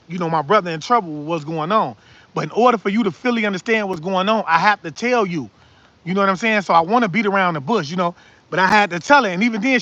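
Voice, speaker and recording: A man's voice: high-pitched, dry recording. A young man telling a story casually to viewers and acting out what the other people said. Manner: animated, acts out other people's lines. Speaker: spiritual storyteller. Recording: dull lo-fi dry sound.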